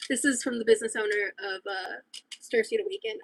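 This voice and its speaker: A young woman livestreaming as she opens gifts, talking in gushing, breathy exclamations full of fillers. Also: on the high side, steady tone, a little fast, a bit bright, poor audio. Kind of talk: casual livestream chat.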